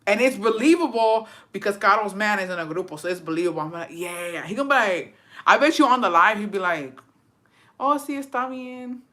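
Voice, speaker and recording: Bright-voiced, profane woman streamer. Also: mid-range voice, fast talker. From Texas. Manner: profane, animated, mixes English and Spanish. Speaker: livestream host. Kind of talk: casual chat reacting to viewer stories.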